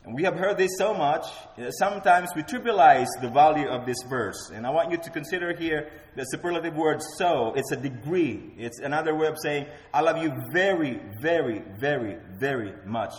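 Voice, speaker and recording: A man's voice: fairly high pitch, a little fast, hardly any pauses. A man preaching a sermon as pastor, emphatic and repeating key words for effect. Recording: roomy hall with long reverb.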